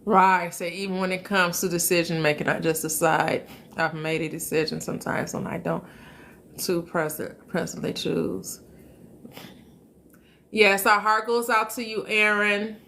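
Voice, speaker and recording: A woman hosting a live stream in an easygoing, chatty way, greeting viewers by name. She speaks slowly and unhurriedly, and her voice is bright and forward. She repeats phrases for emphasis and laughs often. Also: fairly low pitch, level tone, creaky, a little hiss or hum. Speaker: host. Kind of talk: casual live-stream chat.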